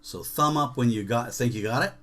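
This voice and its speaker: A man's voice: mid-range voice, a little fast, fairly bright tone. A man leading an online jazz workshop, chanting rhythm syllables and checking in with students over a video call.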